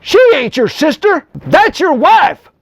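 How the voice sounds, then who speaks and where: A man voicing an indignant ancient king who scolds in folksy, exclaiming slang, his voice pushed well above his usual pitch. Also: big pitch swings, measured pace, gravelly, dry recording, clean studio sound, full character voice.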